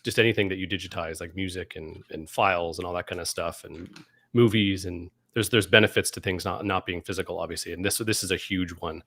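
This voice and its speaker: A man co-hosting a casual panel discussion, speaking in a quick, emphatic way. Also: low-pitched, a bit bright. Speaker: podcast co-host.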